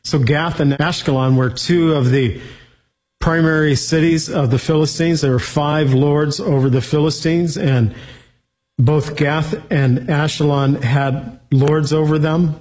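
Bible teacher, male, slightly husky voice, reads the verses and then explains them simply. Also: a little high, steady tone, measured pace, darkish tone, poor audio. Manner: reads scripture aloud, then explains it plainly.

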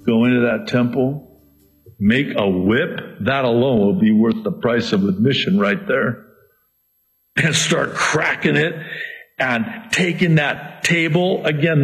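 A male pastor preaching a sermon in an emphatic, theatrical way, swinging between quiet and loud. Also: medium pitch, slow.

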